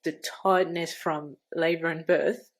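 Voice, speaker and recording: A woman's voice: low voice, fairly even intonation, unhurried. A woman who hosts a podcast as a doula, speaking casually in a reassuring, supportive way. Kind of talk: casual conversation.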